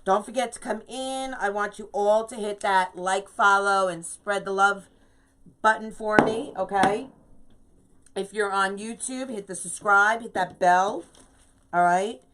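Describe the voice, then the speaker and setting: A middle-aged woman talks viewers through a craft project on a livestream, in an easygoing, chatty way. She greets people by name between steps. Her pitch sits in an ordinary middle range, and she sounds relaxed and friendly as she talks. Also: a little slow, background noise. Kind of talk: casual live craft demo.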